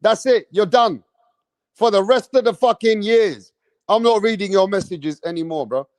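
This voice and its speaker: A young British man hosting a boxing live stream, talking in slangy, animated bursts straight to his chat. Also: high voice, moderate pace, no room sound. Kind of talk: casual live-stream commentary.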